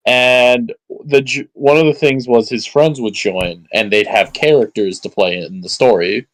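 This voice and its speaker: A man's voice: mid-range voice, a little slow, no echo, poor audio. A man from Michigan chatting during a group game stream, rambling and joking. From Michigan, United States. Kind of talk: casual gaming chat.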